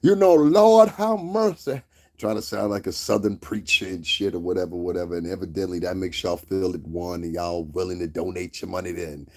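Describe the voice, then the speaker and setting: A man's voice: sits low, level tone, brisk, few pauses. A man hosting a livestream, delivering a blunt, heated rant full of profanity and repeated check-ins with his viewers. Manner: blunt, heated, profane, repeats "you understand what I'm saying". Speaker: livestream host.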